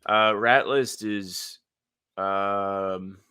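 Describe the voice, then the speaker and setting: Low bright-toned young man, laid-back. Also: steady tone, extremely slow, clean tone. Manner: laid-back, dry humor, short replies. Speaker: podcast co-host. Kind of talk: casual sports podcast chat.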